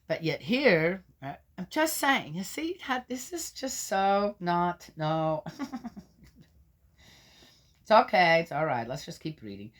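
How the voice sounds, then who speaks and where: Woman, low-ish voice, scripture reader who argues with the text, loud readings, muttered asides. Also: very animated, takes it slowly. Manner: interrupts herself with doubting, argumentative remarks. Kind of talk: reading aloud with skeptical asides.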